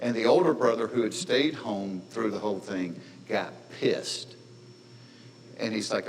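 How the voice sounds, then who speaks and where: A man's voice: fairly low pitch, a little slow. A middle-aged man speaking to an audience at a men's gathering, retelling a story in a folksy, conversational way and slipping into different voices for the characters. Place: large hall with audience. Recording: long hall reverb, faint noise.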